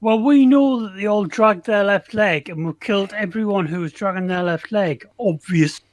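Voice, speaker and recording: A man's voice: high voice, normal speed, no room sound. A man playing a tabletop game, joking and sarcastic. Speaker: player. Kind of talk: casual chat in a tabletop game.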